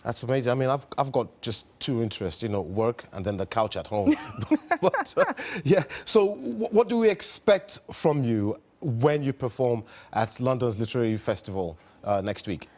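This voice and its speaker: A man's voice: mid-range voice, sing-song, normal speed, hardly any pauses, darkish tone. A man in his late forties hosting a studio radio interview, chatty and self-deprecating, often restarting his sentences. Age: late 40s. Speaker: radio show host.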